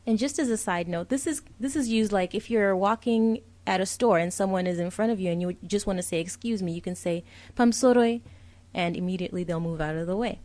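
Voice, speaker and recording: A woman's voice: mid-range voice, fairly quick, warm tone, no echo. A young adult woman teaching vocabulary, saying each word carefully and repeating it with a translation. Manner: patient, clear, explains each word with a translation. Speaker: language teacher.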